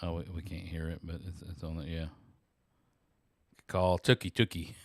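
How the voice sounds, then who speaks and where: A middle-aged man co-hosting a podcast in casual chat, joking around and breaking into loud bird-call impressions. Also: low voice, monotone, quick pace, gravelly, no echo, studio quality. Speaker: podcast co-host.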